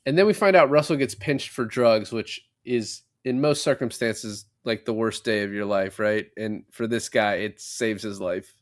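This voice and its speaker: A man's voice: on the low side, normal speed, hardly any pauses, no room sound, clean studio sound. A young man on a casual podcast, retelling a film scene by scene, swearing freely and acting out the characters' lines. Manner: animated retelling, swears a lot, acts out lines. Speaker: podcast co-host. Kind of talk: casual movie recap chat.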